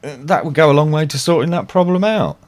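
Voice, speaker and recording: A man's voice: fairly high pitch, animated, fast. A man hosting a casual chat show, laid back, bringing guests onto a call. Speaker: host.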